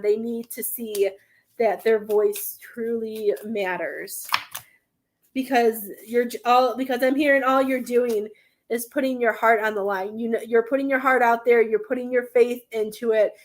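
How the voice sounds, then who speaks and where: A woman's voice: on the high side, slight background noise. A young adult woman giving a live tarot reading, earnest and rambling, often close to tears, with many fillers. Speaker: tarot card reader.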